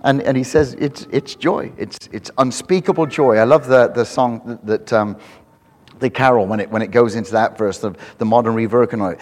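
A man preaching a sermon to a congregation, telling animated stories with frequent restarts. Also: mid-range voice, normal speed. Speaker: pastor. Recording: long hall reverb.

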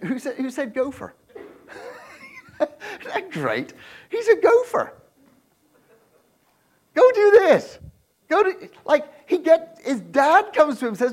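A male preacher giving an animated, jokey sermon, often laughing and checking in with the crowd with quick rhetorical questions. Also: extremely high pitch. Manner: animated, asks the crowd frequent "right?" questions.

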